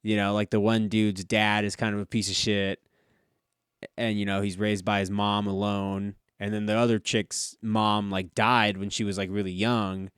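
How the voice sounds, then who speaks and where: A man's voice: on the low side, level tone, normal speed, a bit bright, smooth, dry recording, clean studio sound. A man co-hosting a casual podcast, laid-back and swearing freely as he retells TV scenes. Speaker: podcast co-host. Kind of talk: casual chat.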